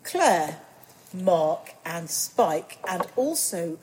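A woman's voice: fairly low pitch, very animated, extremely slow, a little mellow, slight background noise, rough recording. A woman co-hosting a podcast, joking and laughing through casual late-night banter in a hotel bar. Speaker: podcast co-host.

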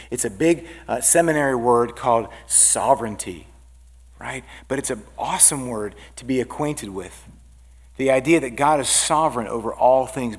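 A middle-aged man preaching a sermon as a pastor, earnest and building up as he reads out scripture. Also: medium pitch. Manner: earnest preaching, lively rises on quoted scripture.

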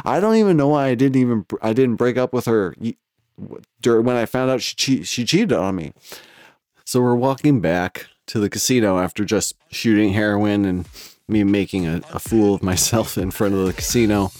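A man's voice: on the low side, moderate pace, a little mellow, no echo, clean studio sound. A man with a West Coast American accent telling a story in casual chat, profane and rambling, laughing between lines.

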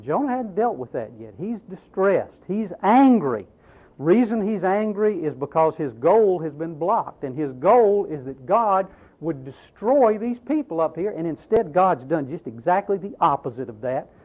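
A man's voice: high-pitched, sing-song, measured pace. A man preaching a sermon with emphatic delivery and rhetorical questions to the congregation. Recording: tinny, phone-like narrow sound.

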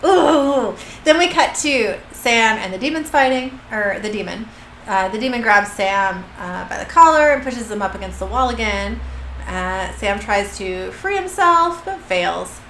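A woman's voice: mid-range voice, lively intonation, moderate pace, a bit bright. A woman co-hosting a podcast who reads out an episode recap in casual chat, with many fillers and asides. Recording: echoey room with faint hiss.

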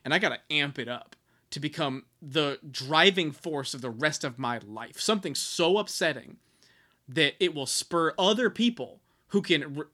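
A man's voice: on the high side, expressive, moderate pace, pushed and bright. A man co-hosting a podcast in casual chat, rambling and sarcastic with mock-dramatic swings and frequent swearing. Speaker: podcast co-host.

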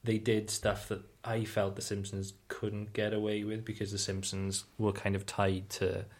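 A man's voice: fairly low pitch, monotone, normal speed. A man chatting casually about cartoons, rambling with many fillers and restarts. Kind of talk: casual chat.

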